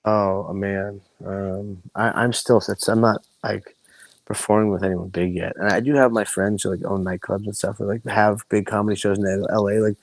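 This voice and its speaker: A man in his thirties, a podcast guest, telling rambling stories in casual chat with many restarts and lively quoted voices. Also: lowish voice, normal speed, vocal fry, no room sound, rough recording. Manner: rambling, animated voices when quoting friends, frequent restarts.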